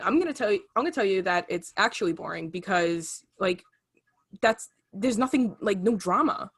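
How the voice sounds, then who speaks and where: Young woman podcast co-host, chatty and animated, mid-range voice. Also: mid-range voice, normal speed, breathy edge. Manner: chatty and animated, lots of fillers. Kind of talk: casual chat.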